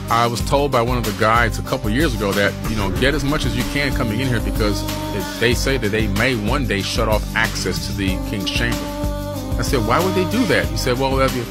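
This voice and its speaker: Guy spinning a conspiracy story, sure of himself, loud music over him. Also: medium pitch, brisk. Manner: confident, conspiratorial. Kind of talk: casual conversation.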